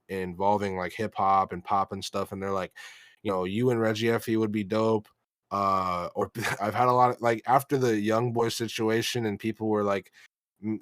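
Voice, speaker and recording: A young American man, a rap artist, answering interview questions in a monotone, halting way, with many fillers and restarts. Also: lowish voice, no echo. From United States.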